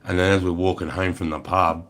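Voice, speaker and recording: Deep-voiced swearing Australian man. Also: little pitch movement, a little fast, a bit bright. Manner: profane, rambling, swears constantly. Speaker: livestreamer. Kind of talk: casual storytelling to a live chat.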